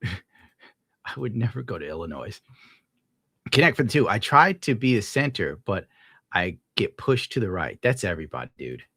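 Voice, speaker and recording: A man's voice: lowish voice, sing-song, normal speed, pauses often, a bit bright, breathy edge, no echo, studio quality. A young man streaming live, reading out viewer tips and ranting casually with lots of swearing. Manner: profane, ranting, gets worked up. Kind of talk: casual livestream chat.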